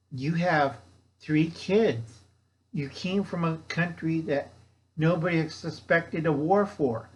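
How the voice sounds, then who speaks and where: An older man hosting his own channel, rambling through a sarcastic, scattered rant while eating a meal at home. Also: a little high. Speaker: YouTube channel host. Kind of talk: rambling casual monologue.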